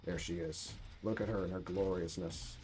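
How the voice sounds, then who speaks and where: A woman streamer talking to herself through a game, profane and animated, thinking aloud. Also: very deep voice, moderate pace, heavy background noise. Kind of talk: gaming livestream commentary.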